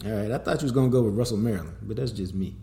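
A man's voice: fairly low pitch, very fast, vocal fry, warm tone. Middle-aged man hosting a sports podcast. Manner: loose, streetwise banter with promo plugs. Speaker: podcast host. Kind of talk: casual sports podcast chat. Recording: roomy echo.

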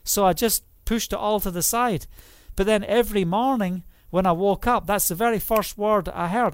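Fairly high-voiced middle-aged preacher, dry sound. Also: male voice, moderate pace, smooth, dry recording. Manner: conversational preaching, peppered with "you know" and "hallelujah". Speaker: minister. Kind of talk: livestreamed sermon.

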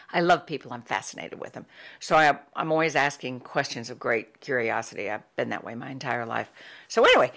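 A middle-aged woman giving an inspirational talk, telling heartfelt stories in an emphatic, warm storytelling manner. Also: sits low. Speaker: motivational speaker.

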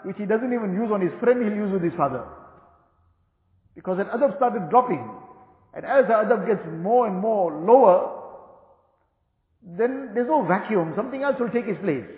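A man giving a religious lecture as an Islamic teacher, explaining in a measured way, restating each point and reciting Arabic passages. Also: high-pitched. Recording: tinny, echoey hall recording.

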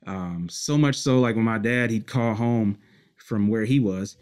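A man with a fairly low voice talks through old memories at an easy, unhurried pace. He rambles, restarts and fills gaps with ums and "you know", laughing quietly between stories. He comes across as a musician recalling his past in a casual interview. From Detroit, United States. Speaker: musician guest.

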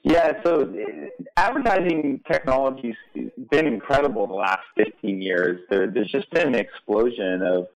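A man's voice: fairly low pitch, rough recording. A man, a startup founder, answering interview questions earnestly and enthusiastically, often repeating words as he starts a thought.

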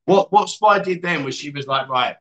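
Brief: male livestream host, playful banter, reads comments, higher pitch. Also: normal speed, rough recording. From England. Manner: teasing, joking banter with guests. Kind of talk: casual livestream chat reading viewer comments.

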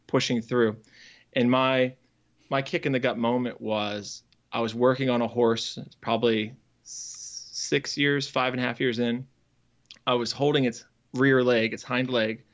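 Earnest man telling a hard story. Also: medium pitch. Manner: earnest, halting, many restarts. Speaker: guest, former farrier. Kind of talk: candid storytelling in an interview. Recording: slightly dull lo-fi audio.

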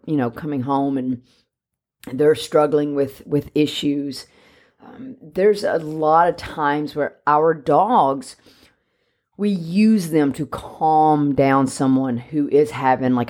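A woman with a low-pitched voice talks through dog training in a relaxed podcast chat. She lays out her points with plenty of everyday examples, in a conversational, unhurried way. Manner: explains by steady examples, talkative.

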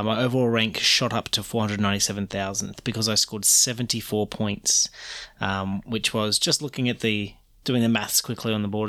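A man's voice: fairly low pitch, fairly bright tone, no echo. Rambling male podcast co-host, dry sound. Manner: rambling, thinks aloud with many ums. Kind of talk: casual podcast chat.

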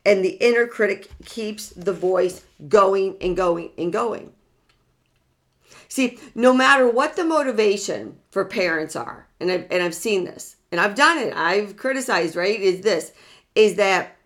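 A woman's voice: mid-range voice, fairly bright tone. A woman giving a motivational self-help talk to an audience. She speaks earnestly, repeats key words and asks rhetorical questions as she goes.

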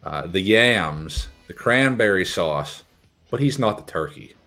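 A man's voice: sits low, animated, a little slow, pushed and bright, faint music behind. A man co-hosting a casual wrestling podcast, hesitant and wry. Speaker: podcast co-host.

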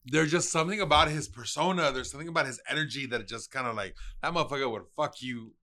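A man's voice: mid-range voice, fast talker, bright, forceful tone. Blunt, crude man in casual chat. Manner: blunt, crude, laid-back.

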